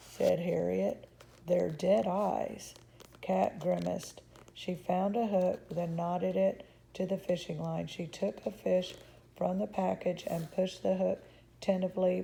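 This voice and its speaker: A woman reading a children's chapter book aloud in a calm, measured way. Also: lowish voice, creaky. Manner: calm, measured, occasional restarts.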